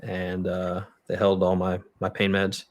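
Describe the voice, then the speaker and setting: A young man telling a story as a podcast guest, blunt and full of swearing, in a halting way. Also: sits low, completely flat delivery. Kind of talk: storytelling in a conversational interview. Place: podcast studio.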